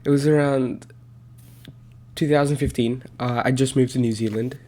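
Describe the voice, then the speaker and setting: A man's voice: medium pitch, fairly even intonation, moderate pace, darkish tone. A young man from Sri Lanka co-hosting a podcast, telling a story in laid-back casual chat. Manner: laid-back storytelling, says "dude" a lot. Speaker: podcast co-host.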